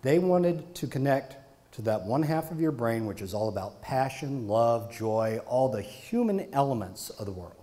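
A man's voice: medium pitch, big pitch swings, normal speed, warm tone. A middle-aged man gives a live lecture as a marketing consultant, with a mid-range voice. He speaks emphatically and stacks one phrase after another to drive each point home. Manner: emphatic, piles up repeated phrases for stress.

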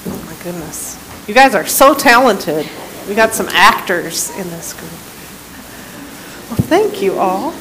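Brief: friendly woman pastor, headset mic, a clearly noisy room behind. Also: mid-range voice, sing-song, a little slow, long pauses, a bit bright. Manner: friendly, chatty, laughing asides. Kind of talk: casual church announcements.

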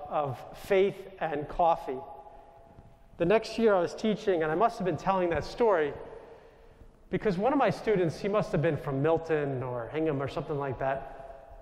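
A Jesuit priest with a New York accent tells stories to a live crowd, turning now and then to speak to people in the room. His voice sits a little high for a man. It carries a long reverb from a large hall. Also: normal speed. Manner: animated anecdotal storytelling, asides to the audience. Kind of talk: storytelling talk to a live audience.

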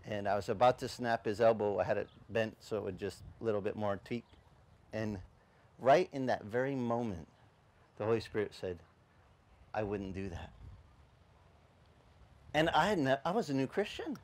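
A male pastor telling a personal story in a sermon, acting out the voices in it. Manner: animated storyteller, acting out voices with big pitch swings. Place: beach service outdoors.

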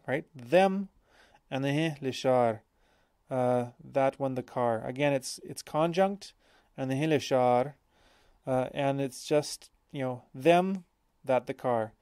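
A man's voice: medium pitch, dark tone, dry recording, clean studio sound. A man teaching a language lesson, explaining example sentences patiently and correcting himself as he thinks aloud.

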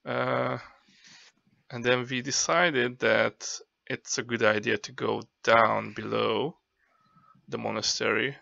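A man's voice: mid-range voice, steady tone, takes it slowly, vocal fry, sharp tone, no echo, highs cut off. A man playing in a tabletop game who recaps past events in a rambling, casual way, full of fillers. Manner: rambling, loose, with many fillers. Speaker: player.

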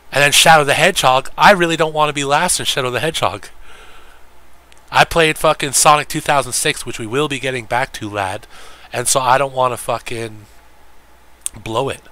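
A man's voice: medium pitch, moderate pace, pushed and bright. A man streaming games and chatting casually with his viewers, cursing freely, joking and rambling. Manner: profane, joking, rambling, mimics friends in quotes. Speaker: game streamer.

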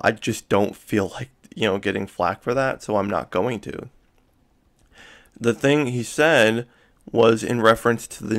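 A man ranting casually to camera, rambling with many fillers and asides and swearing in exasperation. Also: fairly low pitch. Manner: profane, exasperated. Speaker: vlogger. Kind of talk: casual rant.

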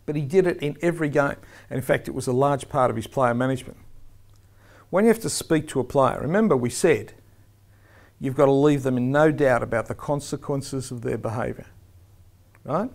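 A man giving an instructional lecture to referees, speaking emphatically and demonstrating the firm and soft tones a referee should use. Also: medium pitch, expressive, normal speed, vocal fry, pauses often.

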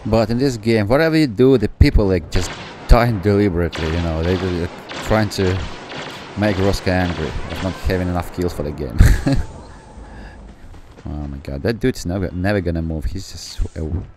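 A man giving live gaming commentary, excitable and rambling, who swears and then apologizes. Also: deep voice, normal speed, background noise. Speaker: gameplay commentator.

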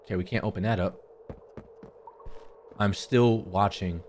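A man's voice: on the low side, steady tone, a little slow, darkish tone, slight background noise. A man giving panicky, swearing commentary to himself while playing a horror game. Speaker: gaming YouTuber.

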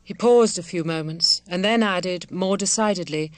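A woman's voice: fairly low pitch, normal speed, hardly any pauses, dry recording. Woman narrating a classic novel. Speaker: audiobook narrator. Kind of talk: scripted narration.

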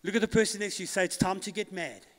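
High-voiced preaching man in a reverberant hall. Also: racing. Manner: call-and-response preaching, rising to loud declarations. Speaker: pastor. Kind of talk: sermon. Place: church hall. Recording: long church hall reverb.

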